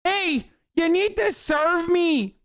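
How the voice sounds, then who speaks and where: A man's voice: extremely high pitch, slow pace, fairly bright tone, voice pushed up, exaggerated voice. A man mocking a whiny entitled woman. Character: entitled middle-aged woman demanding service.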